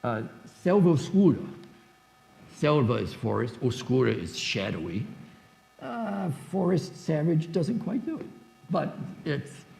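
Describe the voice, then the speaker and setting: A man in his seventies giving a church forum lecture, halting with many restarts and reading verse aloud. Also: fairly high pitch, big pitch swings, vocal fry, darkish tone, echoey room, rough recording. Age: 70s. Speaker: guest lecturer. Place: church hall, echoey.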